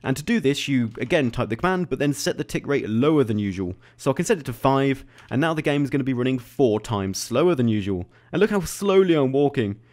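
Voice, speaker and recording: A man at a middling pitch talks through a video game showcase in a loose, casual way. He is chatty and easily excited, and he often breaks into laughter. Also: a little fast, hardly any pauses. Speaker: YouTube gaming host. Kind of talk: casual gameplay commentary.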